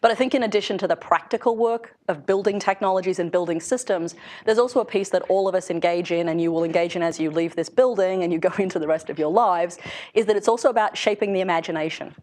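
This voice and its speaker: A middle-aged industry researcher gives a conversational seminar lecture to a room of listeners, laughing lightly between points. Her voice is on the low side and a little mellow, and she talks fast.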